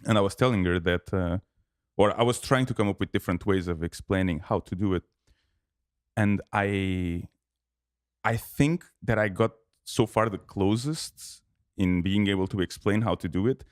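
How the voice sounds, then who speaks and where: A man's voice: low voice, normal speed, no room sound, studio quality. A man, co-hosting a podcast in casual chat, hesitant with frequent restarts. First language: Portuguese. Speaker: podcast co-host.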